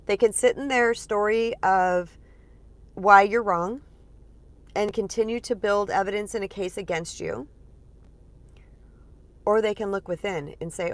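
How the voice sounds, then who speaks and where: A woman in her forties, a spiritual empowerment coach, talking casually to her audience in an earnest, lively way with many fillers. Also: medium pitch, a little slow, pauses often. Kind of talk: casual teaching monologue.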